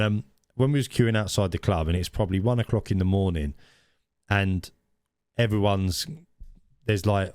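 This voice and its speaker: A man with a fairly low voice, telling a story in casual chat, stopping and restarting often. The sound is dry and close to the mic. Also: darkish tone, no echo. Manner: hesitant, many restarts and ums, bursts of surprise. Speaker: podcast co-host.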